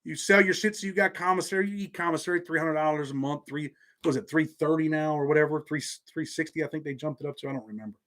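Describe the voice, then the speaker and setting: A man's voice: on the high side, fast talker, fairly bright tone. A man with a Southern accent hosting a live stream from his home office, talking in laid-back street slang. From Indiana. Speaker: channel host.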